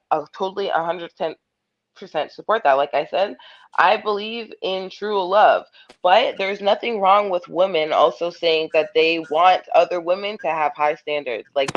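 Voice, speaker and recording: A woman's voice: fairly low pitch, lo-fi sound. A woman panelist in a heated group chat, blunt and sarcastic, swearing freely.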